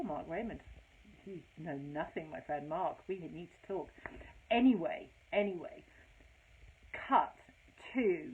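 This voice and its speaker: A woman in her fifties, hosting a casual live broadcast, telling stories candidly and self-deprecatingly, with lots of swearing and rambling fillers. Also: on the low side. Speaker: host of a live storytelling broadcast. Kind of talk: casual anecdotal storytelling. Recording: tinny phone-like audio.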